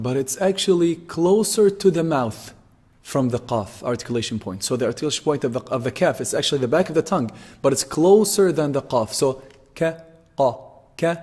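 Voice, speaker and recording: A man teaching Arabic letter pronunciation, repeating each sound slowly and with emphasis. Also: mid-range voice, a little mellow, slightly rough. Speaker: Quran recitation teacher. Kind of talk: tajweed pronunciation lesson.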